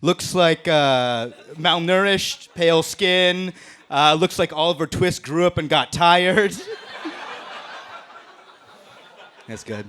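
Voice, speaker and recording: A man's voice: a little high, takes it slowly, long pauses, a bit bright, smooth. A man doing a brash, profane stand-up roast set on a comedy club stage, laughing at his own jokes. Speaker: stand-up comic in a roast battle.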